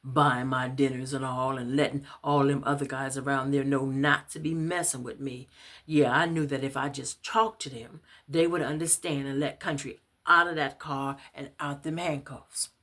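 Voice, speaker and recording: A woman reading aloud from her own book, telling a first-person story in a conversational, unhurried way, sometimes dropping low and pausing to find her place. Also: steady tone, a bit bright. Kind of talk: first-person storytelling in Southern Black vernacular.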